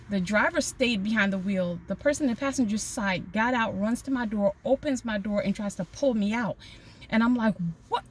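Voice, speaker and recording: A woman with a slightly high voice tells a personal story straight into her phone camera. She talks in a chatty, loose way, full of fillers and quick restarts. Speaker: storytime vlogger.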